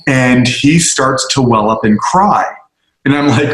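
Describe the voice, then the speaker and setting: A man of middle pitch tells a heartfelt story to a group, leaning into each line with earnest emphasis and playing out the voices in it. His voice carries the echo of a roomy space around him. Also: unhurried. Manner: earnest, emphatic storyteller who acts out quotes. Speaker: guest speaker. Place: on location with a tour group.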